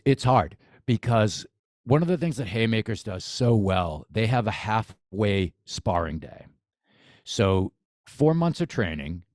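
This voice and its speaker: A man with a low, deep voice talks shop as a boxing coach on a podcast. He is eager and repeats himself, circling back and restarting sentences. The sound is close and dry, with no room around it. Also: darkish tone, no echo. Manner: enthusiastic, repeats phrases, many restarts. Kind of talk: casual podcast conversation.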